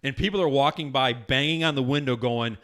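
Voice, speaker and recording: Fast-talking man, medium pitch, lively storyteller on a casual podcast. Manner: animated storyteller, acts out quotes loudly. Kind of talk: casual chat.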